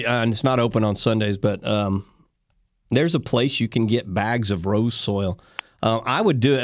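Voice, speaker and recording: Folksy radio garden host. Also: male voice, medium pitch, dry recording. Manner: folksy, chatty, laughs easily. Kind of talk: casual call-in radio talk. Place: radio studio. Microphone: studio microphone.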